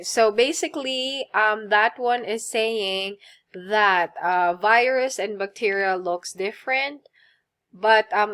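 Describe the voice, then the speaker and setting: Slow, patient woman teaching vocabulary. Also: mid-range voice, a bit bright. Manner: slow, clear drills with repeat prompts and praise. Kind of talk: vocabulary lesson for kids.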